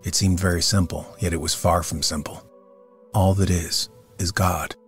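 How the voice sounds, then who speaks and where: A man reading the part of a serene, beardless male saint in an audiobook, speaking in a calm, unhurried, reverent way. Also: deep voice, soft background music, lightly acted.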